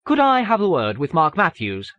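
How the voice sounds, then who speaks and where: A woman's voice: lowish voice, huge pitch swings, normal speed, fairly bright tone, dry recording, lo-fi sound, pitched above the performer's own voice. A man voicing a guarded, wry woman illustrator in an audiobook. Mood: wary. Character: wary woman illustrator on a phone call.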